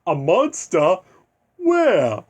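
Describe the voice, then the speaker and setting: A young man voicing a playful, cheeky talking cartoon cat, with a teasing, sing-song delivery that gets loud and bouncy. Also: high-pitched, huge pitch swings, very slow, breathy edge, exaggerated voice. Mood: startled.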